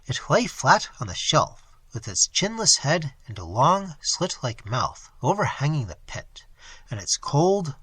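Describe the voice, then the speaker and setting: Theatrical man reading a story, husky voice. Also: mid-range voice, dry recording. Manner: expressive, theatrical.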